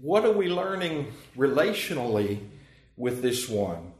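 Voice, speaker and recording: A man's voice: mid-range voice, big pitch swings, unhurried, roomy sound. A man preaching a sermon as pastor, earnest and emphatic, with swelling and dropping emphasis.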